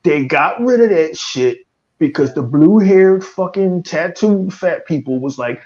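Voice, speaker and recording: A man co-hosting a loose podcast, riffing with lots of swearing and quick impressions. His pitch swings widely from low grumbles to high yelps. The audio sounds dull and lo-fi, like a streamed call. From Philadelphia area. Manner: profane, animated storytelling with impressions. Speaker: podcast co-host. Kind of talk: casual chat.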